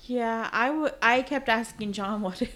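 A woman's voice: on the high side, sharp tone. A woman co-hosting a podcast, chatting casually about a film and laughing often. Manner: amused, quick to laugh. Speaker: podcast co-host. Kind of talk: casual film review chat.

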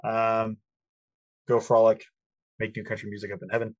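A man's voice: on the low side, completely flat delivery, moderate pace, no echo, muffled recording. A man co-hosting a casual podcast over a video call, crude and profane, mocking and ranting. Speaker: podcast co-host. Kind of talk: casual chat.

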